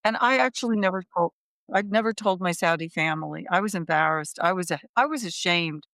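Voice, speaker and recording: American woman telling a lively story. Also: lowish voice, brisk, vocal fry, no room sound. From United States. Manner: animated storytelling, acting out remembered dialogue with restarts. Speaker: author guest. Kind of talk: storytelling in a podcast interview.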